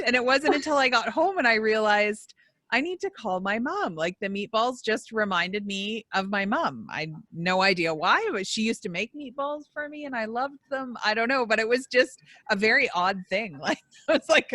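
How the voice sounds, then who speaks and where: Bright, chatty woman host. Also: on the high side, normal speed, dry recording, clean studio sound. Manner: chatty, animated storytelling. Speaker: talk show host. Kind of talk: casual chat.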